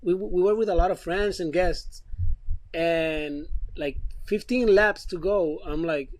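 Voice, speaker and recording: Relaxed male podcast guest telling stories. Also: high voice, a little slow, no echo, rough recording. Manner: relaxed, storytelling, swears casually. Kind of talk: casual podcast chat.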